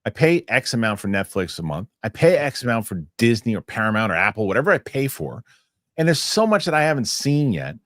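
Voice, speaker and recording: Man, podcast co-host, lively swooping pitch, swears a lot, dry close mic. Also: a little fast, dry recording. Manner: animated storyteller, swears freely. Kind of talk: casual film chat.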